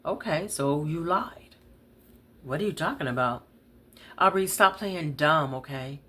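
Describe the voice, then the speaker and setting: A woman's voice: low voice, expressive, unhurried, husky, heavily acted. Woman reading intense earnest man, pushes hard, pleading. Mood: pressing. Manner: earnest, pressing.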